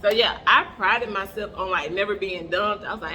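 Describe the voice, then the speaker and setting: A young woman chatting to her viewers in a storytime vlog while doing her makeup, animated and calling out to them often, recorded on an earbud mic. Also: medium pitch, normal speed, slight background noise. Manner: animated, keeps addressing the audience as "y'all". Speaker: vlogger.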